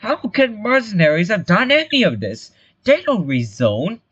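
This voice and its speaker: A man's voice: high voice, very animated, moderate pace, fairly bright tone, breathy edge, no echo, lo-fi sound, voice pushed up, exaggerated voice. A man voicing a blunt, sarcastic mercenary who lectures in an exasperated way.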